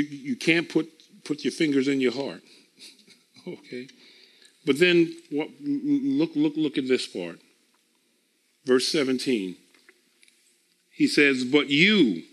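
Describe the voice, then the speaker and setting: A man preaching a sermon in a slightly high voice. He speaks slowly and deliberately, with long pauses. He leans on repeated phrases to drive each point home. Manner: emphatic, repeats phrases for effect; slow and deliberate, drawn-out pauses.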